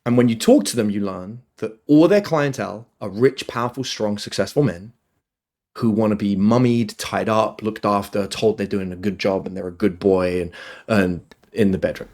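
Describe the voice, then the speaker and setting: A man, a dating coach guest on a podcast interview, telling stories with lively, acted-out quotes. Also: fairly low pitch, normal speed. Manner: animated storyteller, acts out quotes in other voices.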